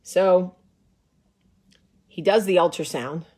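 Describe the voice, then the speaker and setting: Her voice sits on the low side with a darkish tone and a slow pace. She is a show host in her thirties, telling a humorous story in an emphatic, dramatic, profane way.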